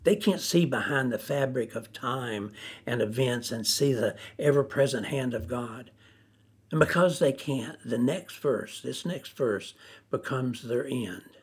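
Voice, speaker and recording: A man preaching a sermon, slow and deliberate, repeating phrases for emphasis. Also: mid-range voice, breathy edge.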